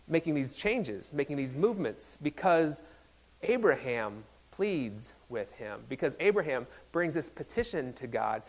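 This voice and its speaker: A man pastor giving a casual, conversational sermon in a playful, self-deprecating manner, often restarting his sentences. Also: fairly high pitch.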